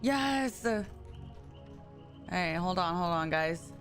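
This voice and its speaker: A woman streamer talks casually to her live chat, bubbling with excitement. Her delivery is slow and drawn out. Faint music plays behind her. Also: lowish voice. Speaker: livestreamer.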